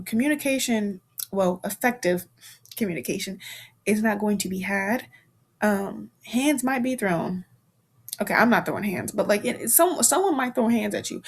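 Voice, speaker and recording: A woman in her twenties hosting a podcast, talking in a casual, chatty way full of fillers and restarts, frank and playful with mild swearing. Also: a little high. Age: 20s. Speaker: podcast host. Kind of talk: casual chat.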